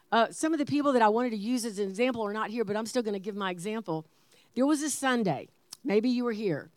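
A woman in her sixties preaching a sermon, telling stories with animated emphasis and laughter. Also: a little high, no echo. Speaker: pastor.

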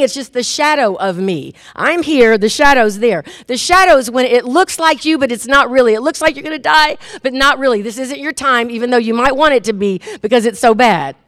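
A middle-aged woman preaching a sermon, telling stories with lively acted-out voices. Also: sits high, no echo, clean studio sound. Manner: animated storytelling, acts out inner voices.

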